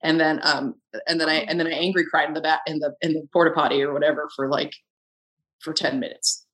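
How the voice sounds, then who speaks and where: A young adult woman, a podcast guest from film set crew, telling a story in a lively, casual way, acting out dialogue and laughing often. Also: deep voice, fast talker. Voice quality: animated, acts out dialogue in quoted voices, laughs often.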